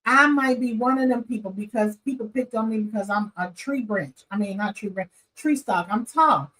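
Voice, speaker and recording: Animated woman vlogger recapping a TV show. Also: fairly high pitch, moderate pace, poor audio. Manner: animated and opinionated, talks straight to viewers. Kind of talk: casual chat.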